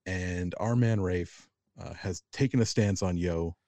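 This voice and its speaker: Low, mellow laid-back podcast guy. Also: a little slow, no room sound. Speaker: podcast co-host. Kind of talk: casual podcast chat.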